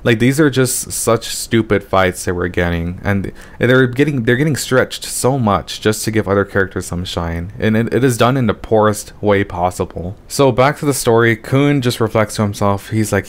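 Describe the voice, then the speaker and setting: A man with a slightly low voice is reviewing a webcomic chapter in a casual, rambling rant. He sounds exasperated and swears freely. He keeps ending his sentences with "man" and "dude.". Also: moderate pace, hardly any pauses. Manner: exasperated, profane, ranting.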